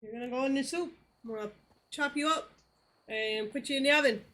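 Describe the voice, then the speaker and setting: A woman streamer commentating her live game stream, loud and playfully crude. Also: high-pitched, fairly quick.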